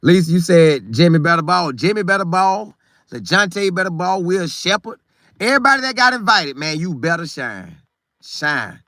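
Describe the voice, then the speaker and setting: A man's voice: on the high side, lively intonation, moderate pace, fairly bright tone, dry recording, studio quality. Chatty man reading live chat. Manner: loose, talkative, repeats phrases for emphasis. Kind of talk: casual live-stream chat. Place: Florida.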